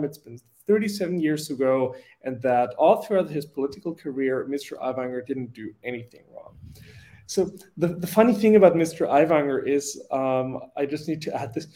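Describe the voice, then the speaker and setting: A man from Austria co-hosting a political chat show, telling stories animatedly with lots of fillers and acted-out quotes. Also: mid-range voice. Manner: animated storytelling, acts out quotes, many fillers. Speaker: podcast co-host.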